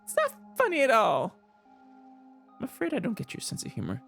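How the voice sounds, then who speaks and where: A shrill, squeaky little floating companion from a fantasy game, put on by a man reading every part, excitable and blunt, with a jumpy, animated, sing-song delivery. She stays high and teasing even when she means it. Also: fairly quick, vocal fry, soft background music, exaggerated voice. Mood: indignant. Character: tiny floating female companion creature, excitable.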